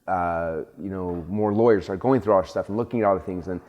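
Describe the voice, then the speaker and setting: A man in casual conversation, telling stories with many fillers and restarts, jumping into a high voice to act out his own panic. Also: fast talker. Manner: animated storytelling, acts out his own panic in a raised voice. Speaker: host and entrepreneur.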